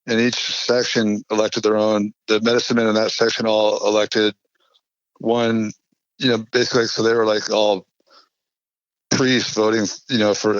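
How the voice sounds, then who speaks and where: Male podcast guest, low voice, rambling filler-heavy storyteller, muffled dry recording. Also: no room sound. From California. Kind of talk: casual storytelling chat. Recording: dull lo-fi dry podcast audio.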